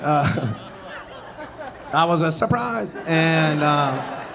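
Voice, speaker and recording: A man's voice: a little high, expressive, drawn-out words, a crowd in the background. A man in his thirties doing stand-up, rambling and self-deprecating, often chuckling through his lines. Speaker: stand-up comedian. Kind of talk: stand-up storytelling. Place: theater stage with live audience.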